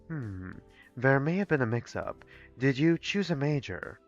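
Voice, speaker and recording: A man's voice: medium pitch, very animated, dry recording, dull audio, soft background music. A man voicing a snooty bored dinosaur student president. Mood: curt. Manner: dismissive, rushed, lazily reading.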